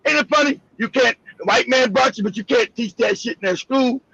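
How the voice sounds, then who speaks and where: A man rants through heated commentary on his livestream, swearing and repeating himself for emphasis. His voice sits high, with a gravelly, husky grain. The sound is dry and a little dull. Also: fairly quick, sharp tone, no room sound. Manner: profane, emphatic, ranting with repetition. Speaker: livestream host.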